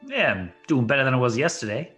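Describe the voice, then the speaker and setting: Bright, lively man playing his character. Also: medium pitch, faint music behind. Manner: casual, halting, laid-back. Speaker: player. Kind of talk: in-character tabletop play.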